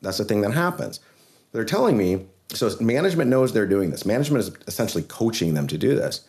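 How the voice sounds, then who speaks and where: A man, a trial lawyer guest on a podcast, telling a case story in an earnest, animated way. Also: on the low side, fast.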